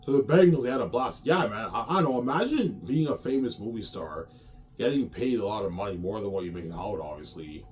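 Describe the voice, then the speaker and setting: A man's voice: on the low side, big pitch swings, quick pace, darkish tone, slight background noise. A man hosting a casual solo show, talking in a brash, boastful, repetitive way. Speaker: show host.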